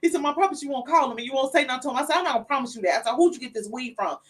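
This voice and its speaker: Animated middle-aged Kentucky woman telling a story. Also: rapid-fire, distant mic. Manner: animated, acts out quoted voices, soft and low for tender moments. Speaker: guest, mother of the late artist. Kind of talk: storytelling in a live studio interview. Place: studio.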